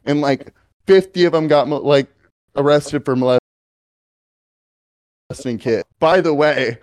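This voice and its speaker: A man's voice: fairly high pitch, a little slow, a little mellow. Swearing young man telling a rambling story. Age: young adult. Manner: rambling storytelling, heavy swearing, mimics others. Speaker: podcast co-host. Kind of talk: casual chat.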